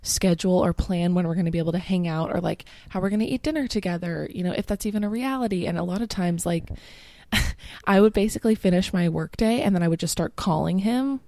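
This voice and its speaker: A woman's voice: lowish voice, fast talker, warm tone, no room sound, clean studio sound. A young woman co-hosting a casual chat podcast, sounding a little groggy, chatty and full of "like" fillers with frequent laughs. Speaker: podcast co-host.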